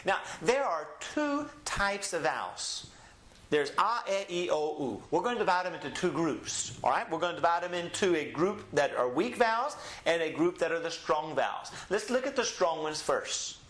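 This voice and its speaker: A man teaching a recorded language lesson, explaining step by step and repeating words slowly. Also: on the high side, very animated, a bit bright, roomy sound. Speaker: Spanish teacher.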